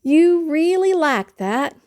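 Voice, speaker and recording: Woman doing a cheerful housekeeper, high voice, slow sing-song lilt, storybook. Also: lively intonation, a little mellow. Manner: sing-song, drawn-out, folksy. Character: cheerful literal-minded female housekeeper, young adult.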